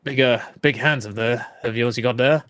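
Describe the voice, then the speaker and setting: A man voicing Mason, an easygoing companion who asks a friend to be gentle with a small pig. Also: mid-range voice, steady tone, moderate pace, natural voice. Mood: cautioning.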